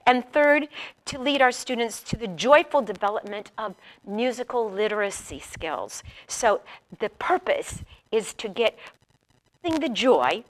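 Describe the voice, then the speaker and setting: A woman from northwest Ohio, a music teacher giving a lively storytelling workshop talk to fellow teachers. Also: on the high side, unhurried. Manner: lively, storytelling, quotes voices. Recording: echoey room from far off.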